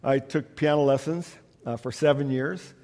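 A man's voice: mid-range voice, steady tone, normal speed. Man preaching in a reverberant church. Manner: conversational storytelling, drops to soft asides. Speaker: pastor. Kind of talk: sermon. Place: church sanctuary. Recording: long hall reverb.

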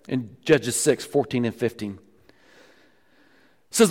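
A man preaching a sermon as pastor, emphatic, often dropping to low, quiet lines for stress. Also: unhurried, long pauses. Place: church sanctuary. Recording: long church reverb.

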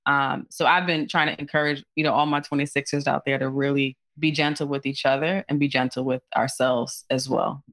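A woman's voice: rumbling low, level tone, fairly quick, hardly any pauses, fairly bright tone, no echo. A woman hosting a casual interview check-in, earnest and reflective as she talks and asks questions. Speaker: host.

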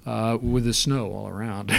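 A man recalling past film work in relaxed, rambling storytelling, full of fillers and restarts. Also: fairly low pitch, a little slow, vocal fry. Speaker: interview guest.

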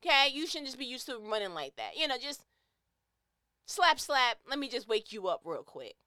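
A woman delivers a fired-up motivational monologue with a preachy, emphatic edge. Her voice sits high and sounds sharp and forceful, and she hammers her points with repetition. The sound is close and dry, with no room around it. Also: very animated, moderate pace, no room sound. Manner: repeats phrases for emphasis.

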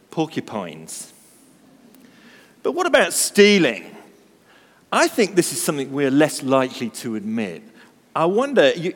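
A man's voice: fairly high pitch, in a large hall. A man preaching a sermon, telling stories with humor and asking the congregation rhetorical questions.

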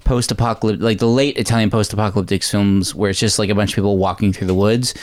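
A man's voice: lowish voice, fairly even intonation, fast, dry recording, clean studio sound. A man co-hosting a movie podcast, tossing in wry, jokey asides and trivia. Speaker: podcast co-host. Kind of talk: casual movie podcast banter.

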